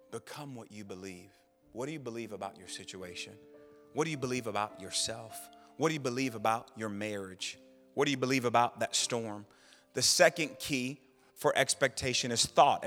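Gravelly male preacher in a big hall. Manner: swings from hushed low lines to loud shouted bursts. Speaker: pastor. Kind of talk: sermon. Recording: hall reverb, faint music behind.

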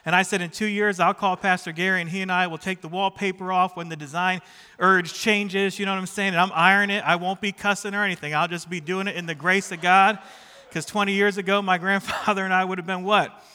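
A man's voice: high voice, fairly even intonation, fairly quick, pushed and bright, smooth, long reverb tail. A middle-aged man preaching a sermon in a church sanctuary, chatty and self-deprecating, who keeps checking in with the congregation. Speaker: pastor. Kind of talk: sermon with personal stories.

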